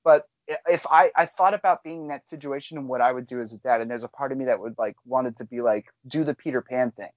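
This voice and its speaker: A man's voice: medium pitch, fast talker, hardly any pauses, no room sound, highs cut off. A man chatting casually as a podcast co-host, telling stories with energy and acting out what people said. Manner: animated storyteller, acts out quotes. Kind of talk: casual chat.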